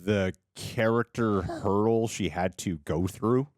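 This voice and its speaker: A man's voice: on the low side, slow, dry recording, studio quality. A man co-hosting a TV reaction show, chatting casually and joking as he acts out lines. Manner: animated and joking, acting out lines. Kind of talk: casual review chat.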